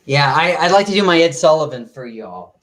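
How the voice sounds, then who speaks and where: A man guesting on a livestream, chatting casually in a halting way. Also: a little high, sing-song, a bit bright. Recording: roomy, away from the mic.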